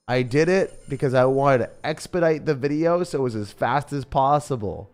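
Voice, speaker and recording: A young man commentating his own game on a live stream, fast and jokey, chatting to viewers as he plays. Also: mid-range voice, expressive, darkish tone, soft background music. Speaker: gaming streamer.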